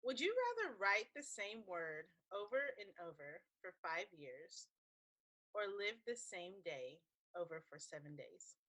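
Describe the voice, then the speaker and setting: A woman hosting a casual interview, asking light questions with giggly, expressive reactions. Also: on the low side, unhurried.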